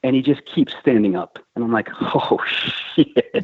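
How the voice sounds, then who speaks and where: A middle-aged man casually telling a crude, profane story, acting out the other people in it. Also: medium pitch. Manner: crude, profane, animated anecdote with quoted voices. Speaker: podcast host telling a war story. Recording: phone-like, narrow band, dry.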